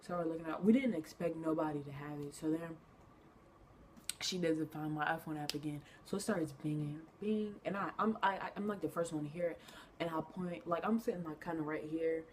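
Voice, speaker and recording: Woman, casual storytime vlog, lowish voice, chatty, lots of fillers, acts out quotes, faint background hiss. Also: fairly quick. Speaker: vlogger.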